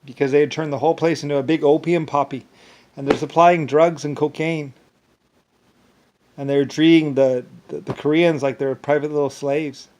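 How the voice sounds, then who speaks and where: A man with a somewhat high-pitched voice delivers a rambling, angry monologue. He circles back to the same phrases, swears freely, and trips over restarts as he goes. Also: steady tone, normal speed, a little mellow, a little hiss or hum. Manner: angry, repetitive ranting with profanity.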